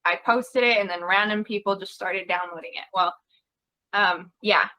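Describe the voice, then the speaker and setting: Giggly woman on a call, chatty, lots of ums and likes, mid pitch. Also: normal speed, pushed and bright, slight background noise, low-quality recording. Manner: giggly, chatty with many fillers. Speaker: guest. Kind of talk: casual chat. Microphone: video call.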